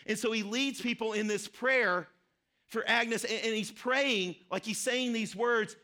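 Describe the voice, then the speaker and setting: A man's voice: very high voice, unhurried, pushed and bright. A man preaching a sermon, telling a story earnestly and repeating key phrases for emphasis. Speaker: pastor.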